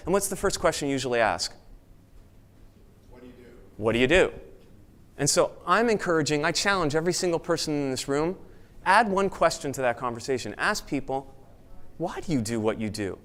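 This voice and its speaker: A man giving a motivational talk at a networking event, speaking with energy and now and then mimicking excited chatter in a raised voice. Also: on the high side, quick pace. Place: event room with an audience.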